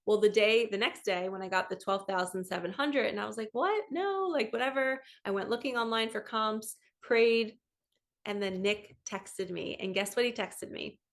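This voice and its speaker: A woman vlogger and spiritual coach telling a personal story to camera from home. She is chatty and excitable, and she keeps reenacting what other people said. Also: medium pitch, brisk, hardly any pauses. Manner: chatty and excitable, quoting others in lively retellings.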